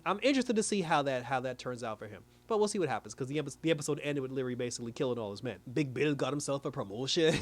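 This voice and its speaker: A man reviewing a TV episode in casual recap commentary, animated, laughing often and dropping his voice low to mimic characters. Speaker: TV show reviewer.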